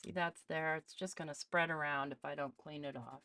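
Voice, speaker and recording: A woman's voice: low voice, fairly even intonation, brisk, sharp tone. A woman hosting a casual live art demonstration, chatting as she tests supplies and greets viewers. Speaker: art channel host.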